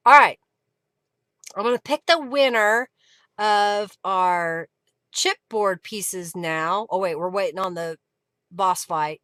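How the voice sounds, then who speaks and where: A woman's voice: medium pitch, slow pace, pauses often, a bit bright, no room sound. A woman with an Oklahoma accent hosting a live crafting stream, chatting with viewers and thanking them by name. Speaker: craft livestream host. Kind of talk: casual live-stream chat.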